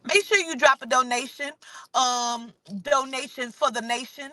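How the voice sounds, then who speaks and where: Woman, spiritual vlogger, preachy, profane, emphatic, bright tense tone. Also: moderate pace, dry recording. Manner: drops to a low mutter when saying she is getting angry. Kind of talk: impassioned spiritual monologue.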